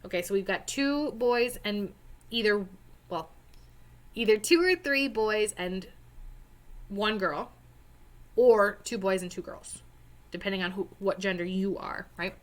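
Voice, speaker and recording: Slow, patient woman teacher. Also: mid-range voice. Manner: patient, talks to students directly, spells words aloud. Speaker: Spanish teacher. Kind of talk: screen-recorded lesson walkthrough.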